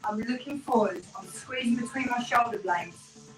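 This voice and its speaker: A fitness instructor leads a live home workout from a small room in a terraced house, upbeat and encouraging as she counts reps at normal speed, slightly out of breath. Her voice is high and bright. With no microphone, the camera picks her up from across the echoey room, with faint workout music playing behind her.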